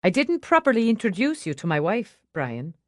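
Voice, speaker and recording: A woman playing a calm, measured Irishman. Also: high voice, no echo, clean studio sound. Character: wealthy Irishman returned home, calm and steady. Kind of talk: audiobook character voice.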